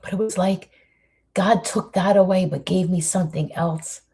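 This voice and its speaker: A woman, giving a reflective motivational talk in a soft, intimate voice that often drops near a whisper. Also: lowish voice, steady tone, moderate pace, slightly rough. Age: 50s. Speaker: host giving a monthly inspirational message.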